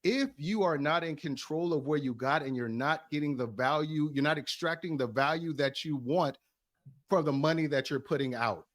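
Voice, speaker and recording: A man's voice: on the high side, normal speed. A man on a debate panel arguing his point at length, restarting his sentences and answering with sarcasm. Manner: argumentative, restarts often, sarcastic. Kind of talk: heated group debate.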